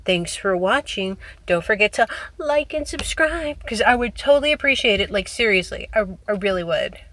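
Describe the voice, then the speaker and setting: A woman's voice: mid-range voice, normal speed. Chatty woman telling a storytime vlog. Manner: animated, chatty, full of "like" and acted-out quotes. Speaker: storytelling channel host. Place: parking lot.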